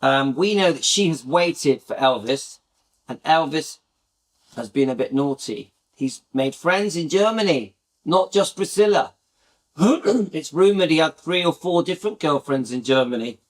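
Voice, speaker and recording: A man's voice: on the high side, animated, a little slow. A British man hosting his channel, chatting casually and enthusiastically to viewers in a rambling way. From Britain. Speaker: channel host.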